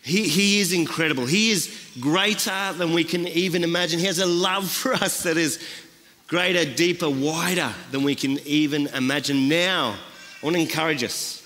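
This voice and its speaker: Aussie guy preaching in church, slightly high voice, earnest, lots of repeating, long echo. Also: sharp tone. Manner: earnest, repeats phrases for emphasis. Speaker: guest preacher. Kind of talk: sermon.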